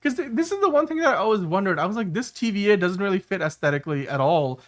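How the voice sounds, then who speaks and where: A man's voice: sits high, expressive, fast talker. A man hosting a live-stream show, reading viewer comments in an easygoing way. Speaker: host. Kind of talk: casual live-stream chat.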